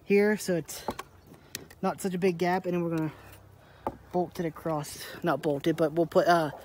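A woman's voice: lowish voice, fairly even intonation, moderate pace, darkish tone, a little hiss or hum. A woman chatting casually in a vlog from her backyard garden, rambling and laughing often. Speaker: vlogger.

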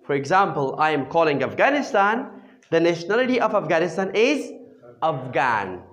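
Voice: mid-range voice, sing-song, moderate pace, fairly bright tone. An English teacher running a classroom drill, asking questions and answering them, repeating simple phrases, and praising often with "very good" and "excellent.". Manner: patient call-and-response questioning with frequent praise.

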